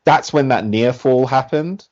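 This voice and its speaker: Rambling animated man, lo-fi podcast guest. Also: medium pitch, measured pace. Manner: animated, rambling, heavy use of "like". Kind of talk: casual chat. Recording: dull lo-fi podcast audio.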